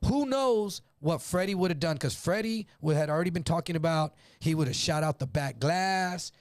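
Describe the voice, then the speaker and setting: A man telling a story in casual chat, animated, acting out voices and swearing freely. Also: fairly high pitch, normal speed, dry recording, clean studio sound. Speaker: guest.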